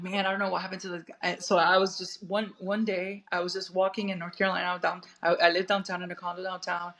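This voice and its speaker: A woman from Puerto Rico in her thirties recounts her story as an interview guest, her voice bright and edged with gravelly fry. She rambles, circling back through restarts and fillers as she talks. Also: on the low side, low-quality recording.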